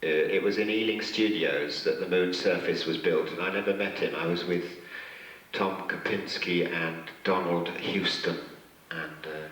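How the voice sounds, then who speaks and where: A man, a guest actor at a fan convention, telling rambling, self-mocking anecdotes with many pauses and restarts. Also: deep voice, fairly even intonation, a bit bright, slight background noise. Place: large convention hall with an audience. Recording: echoey hall from far off.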